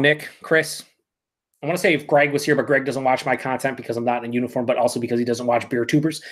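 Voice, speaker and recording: A man doing a live beer review, talking excitably and swearing a lot as he reacts to each sip. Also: mid-range voice, fast. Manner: excitable, profane, emphatic.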